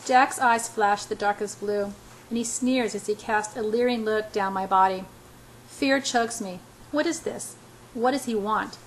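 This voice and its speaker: A woman reading a novel aloud in a halting way, stumbling over words and restarting. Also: medium pitch, fairly even intonation, slight background noise, low-quality recording. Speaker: audiobook reader.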